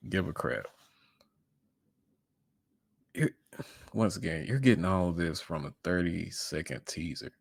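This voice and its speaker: Deep gravelly man reacting to a video. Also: no echo, studio quality. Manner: measured, repeats words when pressing a point. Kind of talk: casual reaction commentary.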